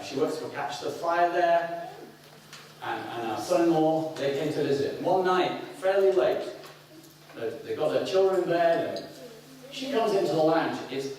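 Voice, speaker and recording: A middle-aged man from the north of England with a Lancashire accent, preaching a sermon in an animated way with sudden whoops. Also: a little high, slight background noise. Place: church hall. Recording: echoey hall, mic at a distance.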